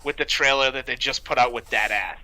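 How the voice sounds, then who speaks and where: A young man rambles through a casual gaming podcast, padding nearly every phrase with "like." His voice is strikingly bright and sharp, and it is recorded dry and close. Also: mid-range voice, brisk, dry recording, low-quality recording. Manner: rambling, fills talk with "like". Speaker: podcast co-host. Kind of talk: casual chat.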